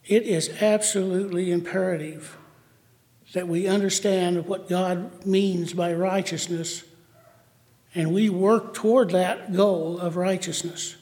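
A high-pitched man delivers a sermon, stopping and restarting his phrases and correcting himself mid-thought. His voice rings out with a long reverb, as if recorded in a large hall. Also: fairly even intonation, a little mellow. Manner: halting, with restarts and self-corrections.

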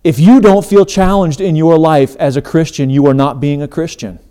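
A man's voice: on the high side, fairly even intonation, moderate pace, warm tone, smooth. A middle-aged man hosting a faith podcast, delivering an earnest, emphatic sermon-style talk. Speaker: podcast host.

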